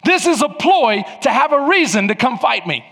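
A man playing a panicking ancient king, fearful and defensive, in an agitated, loud, high-pitched voice. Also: big pitch swings, normal speed, vocal fry, husky, in a large hall, full character voice. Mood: panicked.

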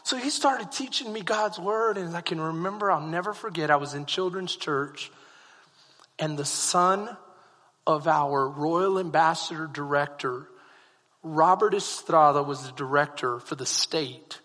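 High, bright-voiced male pastor preaching. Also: measured pace. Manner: swings from hushed retelling to fervent shouting. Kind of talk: sermon with personal storytelling. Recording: long hall reverb.

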